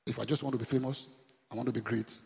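A man's voice: medium pitch, fairly even intonation, racing, creaky, darkish tone, big-room sound. A Nigerian man preaching as a pastor, often checking in with the congregation and repeating his points. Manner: preachy call-and-response, repeating lines to the congregation. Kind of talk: sermon. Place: church.

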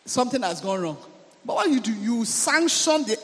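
A man preaches with a high voice. He drives his points home with emphatic repetition and frequent hallelujahs. A long hall reverb trails behind his sermon. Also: big pitch swings, normal speed. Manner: emphatic, repeats phrases, calls hallelujah. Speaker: preacher, deliverance minister.

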